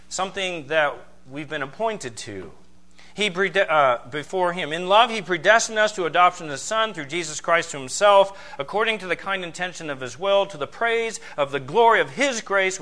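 A man preaching a sermon, emphatic, asking rhetorical questions and swinging between loud stresses and quiet asides. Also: sits high. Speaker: pastor.

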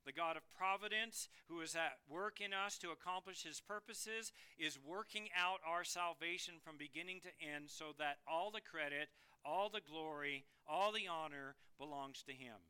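Bright, emphatic male preacher. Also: a little high, normal speed, hardly any pauses, clean tone. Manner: emphatic, rising to loud bursts. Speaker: pastor. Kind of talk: sermon.

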